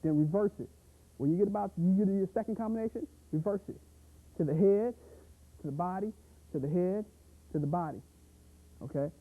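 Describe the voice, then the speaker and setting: A man coaching boxing technique in an energetic, punchy way, full of sound effects and repeated catchphrases. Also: high voice. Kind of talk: instructional pad-work demo. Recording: tinny, phone-like audio.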